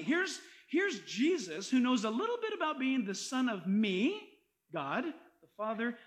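A male pastor preaches with lively emphasis and quick humor, reading scripture aloud between his points. His voice sits very high for a man. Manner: animated, emphatic, joking, quotes scripture. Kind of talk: sermon.

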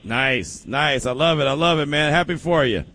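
Animated, joking sports radio host man. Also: on the high side, normal speed, slight background noise. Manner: animated, joking, breaks into laughter. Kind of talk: casual sports talk.

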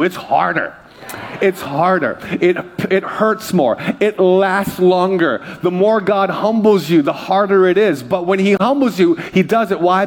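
Pastor guy preaching at church, jokey storytelling, fairly high voice. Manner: conversational, humorous, asks congregation for responses. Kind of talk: sermon with personal stories. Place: church service.

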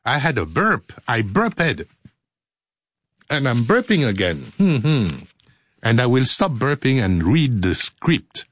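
Playful, animated older male radio host. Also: medium pitch, slow, dry recording, studio quality. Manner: playful, clowning, breaks into silly singing and laughs. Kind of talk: joking studio outtakes and chat.

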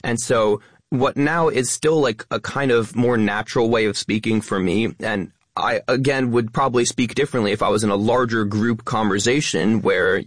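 A fast-talking man with a lowish voice, stressing word after word as he explains his ideas. The sound is dry and close, with no room echo at all. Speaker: guest, educational influencer. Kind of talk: radio interview conversation.

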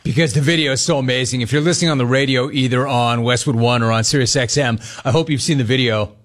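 A man hosting sports talk radio, reading sponsor copy and riffing with animated, mocking commentary on a baseball blunder. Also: medium pitch, quick pace.

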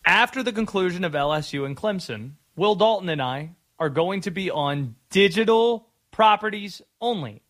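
A man's voice: sits high, animated, normal speed, few pauses, a bit bright. A man hosting a sports radio show in a casual, rambling way. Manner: rambling, stammering restarts.

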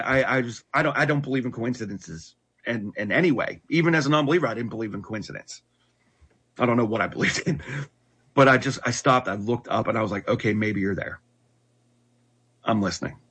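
A middle-aged man earnestly telling his life story in conversation, halting and restarting often. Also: medium pitch, a bit bright, husky. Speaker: guest telling his testimony.

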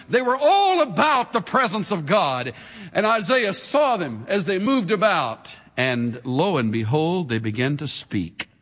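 Male pastor, unhurried, high and animated delivery; recorded in a reverberant hall with faint music. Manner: dramatic preaching, swinging from hushed to shouting. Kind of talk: sermon.

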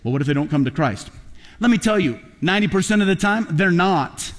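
A male pastor preaches with a fairly high voice, moving between easy storytelling and emphatic, drawn-out peaks. His sermon rings with a long hall reverb, as in a church sanctuary. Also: animated.

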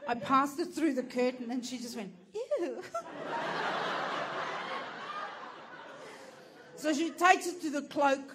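An Australian woman doing stand-up storytelling, brash and sweary, laughing through her punchlines. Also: fairly high pitch. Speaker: stand-up comedian.

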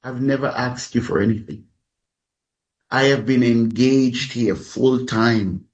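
A man's voice: mid-range voice, fairly even intonation, takes it slowly, muffled recording, lightly acted. A man preaching who voices a resentful grown older son, complaining indignantly to his father in a raised voice. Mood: aggrieved. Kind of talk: sermon storytelling.

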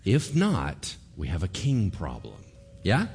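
Lively, storytelling male pastor. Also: low voice, unhurried, gravelly, faint music behind. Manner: lively storytelling, acts out voices, rhetorical questions. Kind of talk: sermon.

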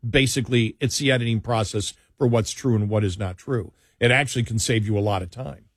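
A man's voice: fairly low pitch, brisk, breathy edge, no echo, clean studio sound. A man hosting a talk radio show, chatting casually and rambling with frequent restarts and fillers.

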